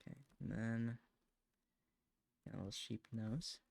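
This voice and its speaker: A man's voice: lowish voice, level tone, slow pace, gravelly, a little mellow, no echo. A man at the end of a long day, drawing on a live stream and talking casually to his viewers. He is frank and a little snippy, then apologetic. The sound is dry and close. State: tired, late at night.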